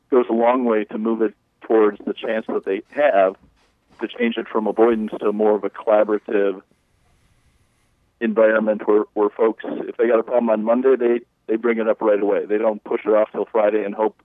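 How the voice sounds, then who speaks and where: A man's voice: lowish voice, fairly even intonation, moderate pace, no echo. A leadership coach explaining his approach in an interview, in a folksy, conversational way. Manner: folksy, conversational, acts out client quotes. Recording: tinny phone line.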